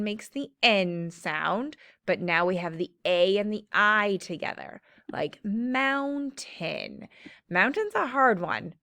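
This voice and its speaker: A woman teacher giving a slow, clear phonics lesson to children, stretching out the sounds of words. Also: medium pitch, a bit bright, no echo.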